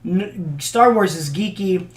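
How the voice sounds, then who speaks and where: Excitable young man, higher voice. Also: takes it slowly. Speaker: podcast co-host. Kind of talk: casual chat.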